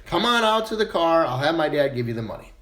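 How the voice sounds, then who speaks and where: A man's voice: fairly high pitch, sing-song, fast talker, a bit bright, reverberant, voice pushed up. A man voicing a cheeky, mischievous boy in a told joke, bold and drawn out.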